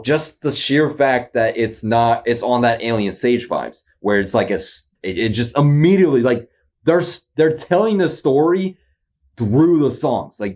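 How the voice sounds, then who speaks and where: A man hosts a reaction video in a loose, rambling style, firing off incredulous questions and laughing often. His voice is medium-pitched and a little mellow, fitting the casual commentary.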